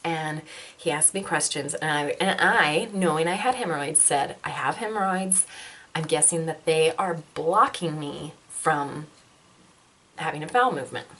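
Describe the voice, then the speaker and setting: A woman's voice: low-pitched, moderate pace, a bit bright. A woman, likely in her twenties, telling a candid personal health story with self-deprecating humor and frequent laughter.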